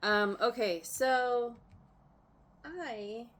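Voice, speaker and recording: A woman's voice: on the high side, drawn-out words, a bit bright. A woman doing a casual tarot reading, chatty and laughing often, trailing off and restarting her sentences as she turns cards. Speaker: tarot reader.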